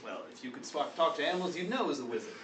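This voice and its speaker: A man's voice: fairly high pitch, very animated, very fast. A man playing a tabletop game, speaking in character in a playful, laughing way. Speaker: player. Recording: echoey, distant, noisy.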